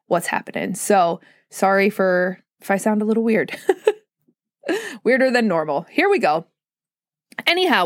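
In her casual solo mental health podcast, a woman with a mid-range voice chats and pokes fun at herself, laughing often despite a slightly sore throat. The recording is studio quality, without echo.

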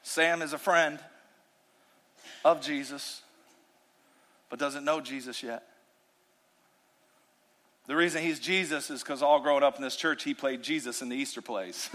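A man preaching a sermon as pastor, animated, swinging between loud, emphatic lines and hushed, intimate ones. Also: mid-range voice, measured pace, pauses often.

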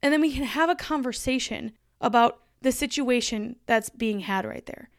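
This podcast host is a woman with a fairly high-pitched voice speaking at normal speed. Her solo monologue is chatty and emphatic, with easy laughter, captured in studio quality with no room sound.

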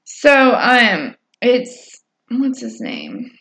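Bright-voiced woman rambling thru a recap, lots of ums, super casual. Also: fairly high pitch, huge pitch swings, drawn-out words. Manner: rambling, filler-heavy, chatty storytelling. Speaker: podcast co-host recapping episodes. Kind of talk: casual chat.

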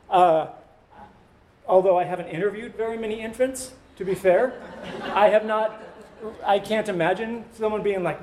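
A man's voice: high-pitched, moderate pace, a little mellow, a little hiss or hum. A male pastor preaching a sermon in a conversational way, with joking asides to the congregation.

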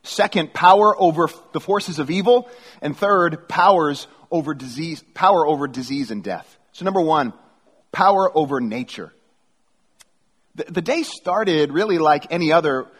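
A middle-aged pastor preaches a sermon, reading scripture and telling stories in a casual, conversational way while often restarting his phrases. His husky voice is on the high side, with lively intonation and normal speed, and the recording carries a long hall reverb.

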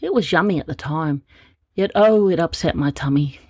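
A woman's voice: sits low, normal speed, darkish tone, husky, no room sound, clean studio sound. A woman voicing a sleepy, friendly female wombat in a storybook reading, with a drowsy, chatty, plain-spoken way of talking.

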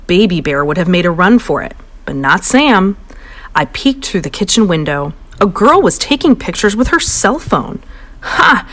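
A woman reads a children's storybook aloud in a bouncy, playful way. Her pitch jumps high and drops low throughout, keeping the tale lively for young listeners.

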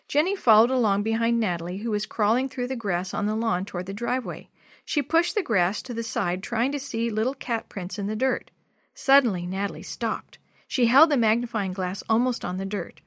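A woman narrating a children's storybook in a gentle, expressive read-aloud manner. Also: mid-range voice, fairly quick, no echo, clean studio sound. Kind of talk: storybook reading.

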